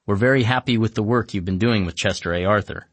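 A man voicing a brisk, businesslike male park manager delivering news. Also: lowish voice, breathy edge, no room sound, pitched above the performer's own voice.

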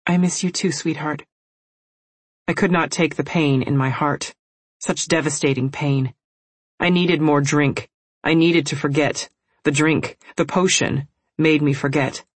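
Breathy woman narrating a novel. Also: sits low, dry recording. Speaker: audiobook narrator. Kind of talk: first-person novel narration.

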